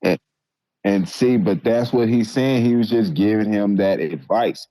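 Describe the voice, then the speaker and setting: A man co-hosting a casual podcast, calmly explaining his opinion in a laid-back way. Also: on the low side, measured pace, dry recording, rough recording. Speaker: podcast co-host. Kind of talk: casual debate chat.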